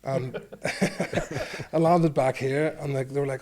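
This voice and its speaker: A man's voice: medium pitch, fairly even intonation, slow pace, darkish tone. A Northern Irish man in his forties tells a long anecdote in an interview. He is self-deprecating and acts out the quoted exchanges, with a voice in the middle range for a man. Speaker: former rugby player. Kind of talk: storytelling interview.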